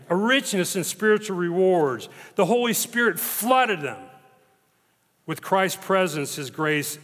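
A man preaching a sermon as pastor, emphatic and dramatic, slowing down to stress repeated phrases. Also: sits high, a bit bright. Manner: emphatic, dramatic retelling with slow stressed repetitions. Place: church sanctuary. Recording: long reverb of a church hall.

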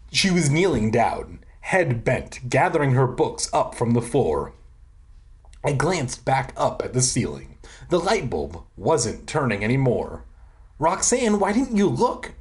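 A young man hosting a read-aloud of children's horror books, slipping in sardonic, profane jokes. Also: mid-range voice. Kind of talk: comedic read-aloud with irreverent asides.

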